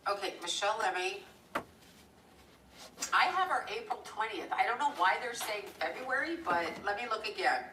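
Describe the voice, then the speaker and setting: A woman chatting casually on a live stream while she draws, rambling, blunt and a little profane, with quick chuckles. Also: medium pitch, lively intonation, noisy background. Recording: roomy echo from a distant mic.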